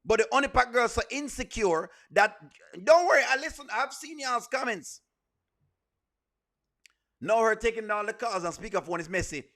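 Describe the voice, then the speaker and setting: A man's voice: very high-pitched, expressive, normal speed, pauses often, a bit bright. A man hosting a reaction video, scolding emphatically and repeating his points. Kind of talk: reaction commentary.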